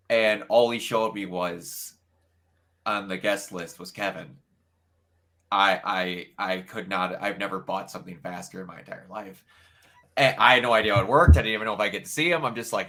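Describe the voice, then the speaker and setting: A man co-hosting a podcast, telling a personal story in casual chat with emotional, animated storytelling. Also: low voice, moderate pace. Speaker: podcast co-host.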